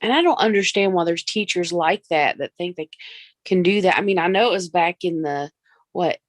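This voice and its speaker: A woman's voice: on the low side, fairly quick, no room sound. A woman listening in a casual chat and adding brief, sympathetic remarks.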